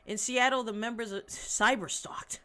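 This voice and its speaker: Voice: mid-range voice, fairly even intonation, moderate pace, bright, forceful tone. Sarcastic swearing podcast host. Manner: sarcastic, mocking, swears often; reads aloud and breaks off with snarky asides. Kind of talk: casual commentary on news articles.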